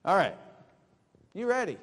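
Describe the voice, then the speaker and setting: A man's voice: high voice, very animated, a little slow, a bit bright. A man running a live sales training seminar, coaching his audience through drills and questioning them. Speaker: network marketing trainer. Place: large room with an audience. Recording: long reverb of a hall.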